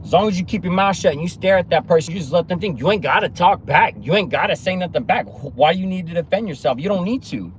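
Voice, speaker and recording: A man talking through a motivational monologue, animated and storytelling, with acted-out bits of other people's lines. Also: sits high, quick pace, hardly any pauses, a little hiss or hum. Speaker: motivational speaker.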